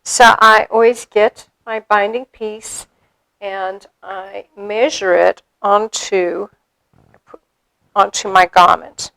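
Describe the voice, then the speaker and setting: A woman demonstrating sewing steps in a chatty way, thinking aloud as she works and filling pauses with ums. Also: mid-range voice, steady tone, vocal fry, sharp tone, no room sound, poor audio. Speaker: sewing instructor.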